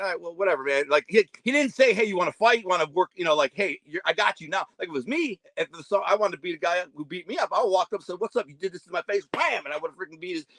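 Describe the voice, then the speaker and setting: Guy around fifty rambling thru stories, does the voices, kinda high pitched, dry close mic. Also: no room sound. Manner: rambling, acts out quoted voices. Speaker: guest. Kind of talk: casual storytelling interview.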